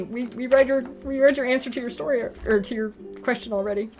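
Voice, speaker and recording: A woman's voice: a little high, quick pace, few pauses, a little mellow, faint music behind. A woman casually chatting through reader questions about her comic, rambling with lots of fillers and asides. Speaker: webcomic creator answering reader questions. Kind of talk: casual Q and A chat.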